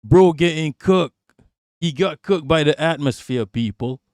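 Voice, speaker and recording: A man's voice: a little high, unhurried, a little mellow, dry recording, clean studio sound. Heated, profane male streamer. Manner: heated, profane, repeating for emphasis. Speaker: streamer reacting to political clips. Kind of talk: live-stream commentary.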